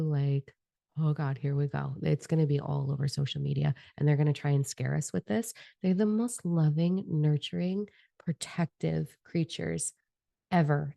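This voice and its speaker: Low, gravelly, fervent spiritual woman. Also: warm tone, dry recording. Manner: fervent, profane and rambling, admits getting carried away. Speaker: spiritual channeler giving a monthly energy forecast. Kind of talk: passionate unscripted monologue with tarot cards.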